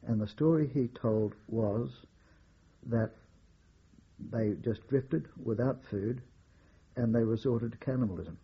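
An older war veteran recounts his memories in a measured oral-history manner, now and then giving a wry chuckle. His voice is mid-range and husky, and the recording has its highs cut off.

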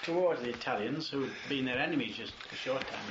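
A man asking brief, measured questions as the interviewer. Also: medium pitch, lively intonation. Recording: echoey, dull, noisy, off-mic.

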